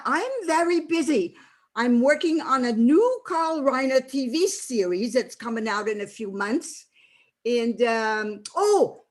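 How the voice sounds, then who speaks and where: A woman doing a cranky old former actress, foul-mouthed and boastful, high, lively voice, stage play. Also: full character voice. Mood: flustered. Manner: brash, boastful, salty-tongued.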